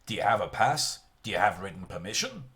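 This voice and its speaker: A man voicing an indignant male stage magician who is affronted and suspicious, making sharp demands. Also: on the low side, big pitch swings, brisk.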